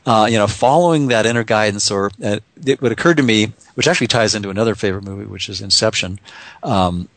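A man's voice: lowish voice, fast, a bit bright, no echo. A man talking in a casual, reflective way as a guest author, often restarting and repeating words.

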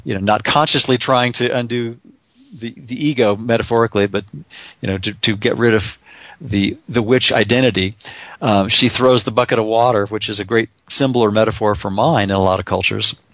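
A man's voice: on the low side, steady tone, brisk, a bit bright, no echo. A man talking in a casual, reflective way as a guest author, often restarting and repeating words.

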